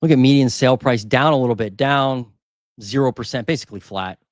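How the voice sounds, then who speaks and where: A man's voice: mid-range voice, a little fast, no room sound, studio quality. A man hosting a housing market channel, talking casually as he reads through market figures, thinking aloud and repeating numbers. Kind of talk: casual live commentary on market data.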